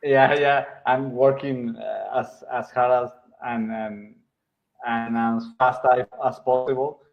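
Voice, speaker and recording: Man, slow hesitant speech, repeated words, comic artist, lo-fi muffled audio. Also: medium pitch, little pitch movement, gravelly. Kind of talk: casual interview answer. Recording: dull lo-fi sound.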